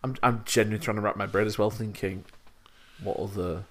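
A man's voice: fairly low pitch, steady tone, a little fast. A man co-hosting a casual film podcast, thinking aloud as he searches for words. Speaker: podcast co-host.

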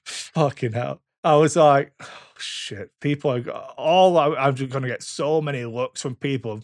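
A man's voice: mid-range voice, normal speed, no echo, clean studio sound. Swearing man telling a story. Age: 30s. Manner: swearing, animated storytelling with quoted voices. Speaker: podcast host. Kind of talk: casual chat.

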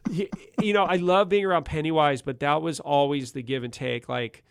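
A man's voice: a little high, moderate pace, clean tone, no echo, studio quality. A middle-aged man telling a wild story in casual, slangy chat, laughing often. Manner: laughs often, animated, slangy ("dude", "gnarly").

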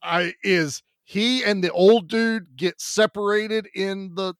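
A man's voice: high-pitched, takes it slowly, no room sound, clean studio sound. A man co-hosting a podcast, retelling movie scenes with swearing and acted-out lines in casual chat. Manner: animated storyteller, acts out scenes, swears freely. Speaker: podcast co-host.

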